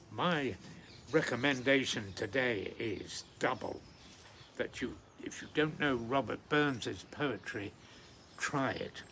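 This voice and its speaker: A man with a gravelly voice reads verse slowly and unhurriedly, pausing often with ums as he talks about the poet between readings. Crickets and insects chirp in the background. The recording is noisy. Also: mid-range voice. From British Isles. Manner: hesitant, many ums and pauses, warm enthusiasm for the poet. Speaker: host of a daily poetry reflection. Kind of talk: reading poetry aloud with casual commentary.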